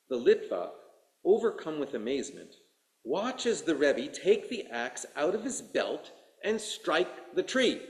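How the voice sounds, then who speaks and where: A rabbi reading a story aloud during a sermon, slowly and expressively, giving voices to the characters. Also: male voice, a little high. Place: synagogue sanctuary. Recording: echoey room.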